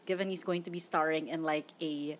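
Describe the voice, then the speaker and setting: A woman's voice: deep voice, steady tone, fairly quick, slight background noise. A young woman hosting a casual movie-review podcast, chatty and opinionated. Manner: chatty, opinionated, laughs often. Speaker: podcast host.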